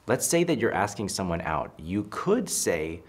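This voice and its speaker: A man's voice: deep voice, sing-song, a little slow, slight background noise. A man giving casual, emphatic advice on conversation, acting out example lines. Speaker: social skills coach. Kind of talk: casual advice talk to camera.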